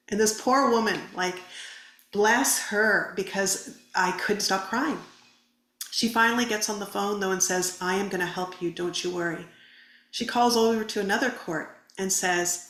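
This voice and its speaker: A woman's voice: medium pitch, fairly bright tone. Earnest woman telling her story, roomy sound. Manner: earnest, vivid retelling with quoted dialogue. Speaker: podcast guest. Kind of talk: personal story in a podcast interview. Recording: roomy echo.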